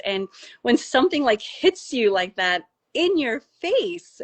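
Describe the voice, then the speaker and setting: A middle-aged woman from the United States, a doctor telling a personal story in casual conversation, animated and rising high when she gets emotional. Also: a little slow. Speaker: doctor and podcast guest.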